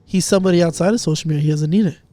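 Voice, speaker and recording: A man's voice: fairly high pitch, steady tone, rapid-fire, mellow. A young man co-hosting a podcast, chatting loosely with a joking, profane manner. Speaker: podcast co-host. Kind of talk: casual chat.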